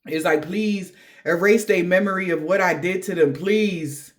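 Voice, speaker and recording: A woman's voice: fairly low pitch, measured pace. Woman tarot reader, candid and profane, chatty reading to viewers. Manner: blunt, profane, chatty with laughing asides. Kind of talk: casual spiritual reading to viewers.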